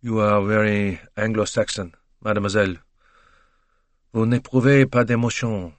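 A shrewd older detective who questions slowly and deliberately, leaning on each word, as a male reader voices him. The voice sits low, in a dry, close recording. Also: steady tone, no echo, close to an everyday voice. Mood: needling.

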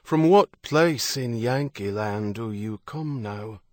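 A man's voice: mid-range voice, slow pace, darkish tone, dry recording, studio quality, close to an everyday voice. A man reading an audiobook, voicing a tall menacing armed leader with a reedy tenor voice who questions coldly. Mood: coldly probing. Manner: cold, probing, unsoftened questioning. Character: menacing armed man in wide-brimmed hat, cold leader.

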